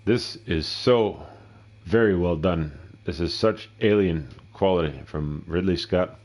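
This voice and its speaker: A middle-aged man with a very low voice rambles through a casual gameplay session. He swears freely and wanders between stories, now and then talking back to himself. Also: measured pace, a little mellow. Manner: profane, rambling, talks to himself. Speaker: gameplay streamer.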